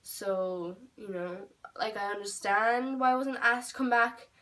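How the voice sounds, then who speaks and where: A young woman rambling through a storytime vlog at home, swearing freely and getting animated. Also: medium pitch, a little slow. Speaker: vlogger. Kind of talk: storytime vlog, casual chat. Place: home room. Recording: voice a bit far from the mic.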